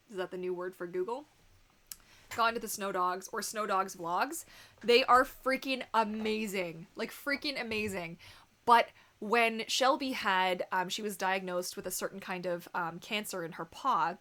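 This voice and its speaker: Young Canadian woman host, giggly and chatty, mid-pitched voice, lots of filler words. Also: pushed and bright. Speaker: livestream host. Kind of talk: casual livestream chat reading comments.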